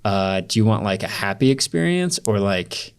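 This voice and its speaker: A man's voice: lowish voice, big pitch swings, moderate pace, creaky, smooth. A young man, a podcast guest, telling a personal story in a loose, rambling way full of "like" fillers. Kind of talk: storytelling in a casual interview.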